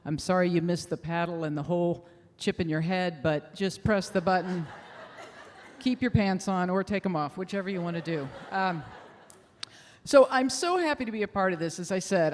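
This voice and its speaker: A woman's voice: on the low side, in a large hall, slight background noise. A middle-aged woman telling a candid personal story on stage, self-deprecating, with laughing asides. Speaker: speaker at a fundraiser showcase. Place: theater stage.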